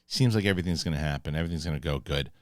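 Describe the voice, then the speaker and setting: A man giving a casual, profane spoiler review of a TV episode, acting out scenes in quick paraphrased quotes. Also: a bass voice, dry recording, studio quality. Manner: rambling with restarts when moved. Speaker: film and TV reviewer.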